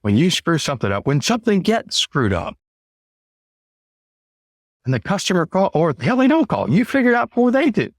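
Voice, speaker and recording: A man's voice: sits high, big pitch swings, normal speed, pauses often, dry recording, studio quality. A man telling a work story as a sales trainer in a casual monologue, blunt and emphatic, with mild cursing and frequent "right?" asides. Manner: conversational, often asks "right?".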